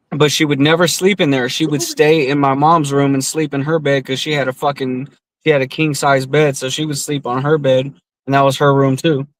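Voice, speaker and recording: A man's voice: a little high, dry recording, low-quality recording. Profane, rambling man telling a story. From US West Coast. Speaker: podcast co-host. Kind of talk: casual storytelling among friends.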